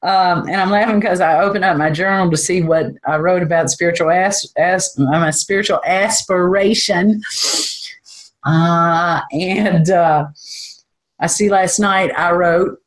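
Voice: medium pitch, fairly even intonation, unhurried, low-quality recording. A spiritual teacher giving an informal talk from a room at home, candid and self-deprecating and often laughing.

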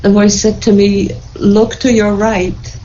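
A woman's voice: medium pitch, flat delivery, unhurried, warm tone, highs cut off, slight background noise. A woman sharing an emotional spiritual testimony in a group, fervent and tearful with joy, repeating her thanks and blessings.

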